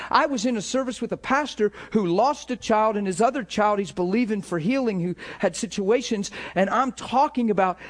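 High-voiced animated male pastor. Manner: animated, acts out imagined thoughts in a hushed voice; laughs between points. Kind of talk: conversational sermon.

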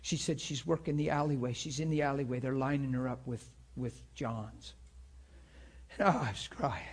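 A man's voice: mid-range voice, steady tone, normal speed, husky. A middle-aged male pastor telling a story in a sermon, acting out the voices of the people in it with strong feeling. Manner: emotional, acts out both sides of a story.

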